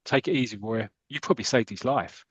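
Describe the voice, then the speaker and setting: Brief: male host as a steady older team-mate, low and quiet, dry recording. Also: fairly quick, breathy edge, no room sound, highs cut off. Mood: reassuring.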